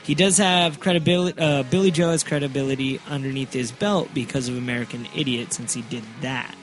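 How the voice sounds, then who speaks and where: A man's voice: mid-range voice, steady tone, fairly quick, soft background music. A man hosting a casual podcast, rambling through his stories with enthusiasm and plenty of stumbles. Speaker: podcast host. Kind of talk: casual chat.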